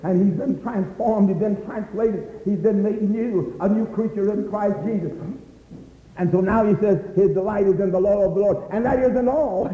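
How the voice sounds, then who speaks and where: A man preaching a fervent revival sermon, crying out praise, repeating "my dear friend," and rising into shouts. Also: high-pitched. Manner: rises into shouts and slows for emphasis. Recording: dull, echoey hall recording.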